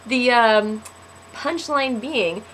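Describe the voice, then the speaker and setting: A woman's voice: on the high side, very slow, a bit bright. A teenage girl telling a personal story to camera in a casual, giggly way, full of "like". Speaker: vlogger.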